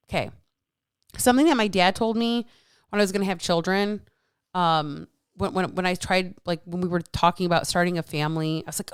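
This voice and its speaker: A woman's voice: fairly low pitch, moderate pace, clean tone, dry recording, clean studio sound. A woman in her thirties, a fitness coach hosting her own podcast, ranting bluntly and with lots of swearing, exasperated. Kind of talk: solo podcast rant.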